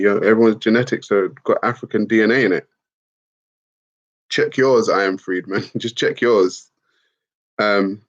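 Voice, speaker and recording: A young man chatting casually on a livestream, reading out viewer comments in a loose, slangy manner with some swearing. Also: on the low side. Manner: laid-back, slangy, swears, laughs at comments. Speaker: livestream host. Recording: dull lo-fi stream audio.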